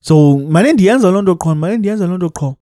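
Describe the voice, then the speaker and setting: A young man with a South African accent telling a personal story in a lively, laughing, chatty way. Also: high voice, brisk, no echo, studio quality. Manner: animated, mixing English with local phrases, laughs through the telling. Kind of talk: casual storytime monologue.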